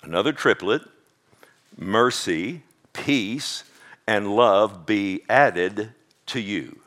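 A man preaching a sermon to a congregation, emphatic and repetitive, who often asks "amen?" and swings between loud exclamations and hushed asides. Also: on the low side, very slow.

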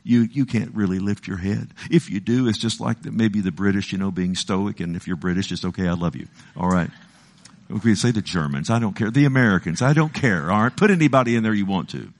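Male preacher, gravelly voice, emphatic folksy delivery, loud rises and hushed drops. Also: fairly quick. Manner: emphatic, swings between loud rises and hushed low phrases; folksy, asides to the congregation. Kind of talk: sermon.

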